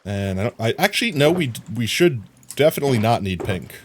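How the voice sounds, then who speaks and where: A man's voice: medium pitch, sing-song, a little fast, slight background noise. A man casually narrating his game on a live stream, talking to chat and humming silly sound effects as he works.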